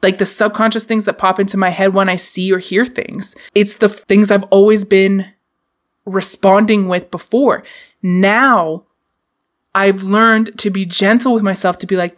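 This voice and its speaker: A woman's voice: mid-range voice, fairly even intonation, measured pace. A woman hosting a podcast, giving a candid, casual motivational talk and swearing freely. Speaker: podcast host.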